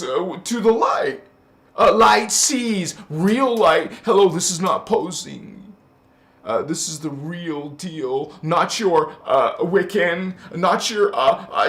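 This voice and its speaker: Male spiritual host with a high voice and a slow, hesitant, scolding delivery, recorded in a reverberant room. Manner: preachy and scolding, with sudden loud chanted words; hesitant, many fillers and restarts. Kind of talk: confrontational spiritual monologue. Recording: echoey room.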